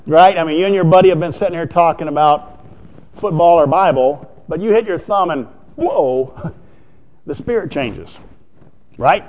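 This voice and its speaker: A man's voice: fairly high pitch, darkish tone. Conversational man preaching a sermon. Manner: conversational preaching, asks the congregation questions. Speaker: pastor.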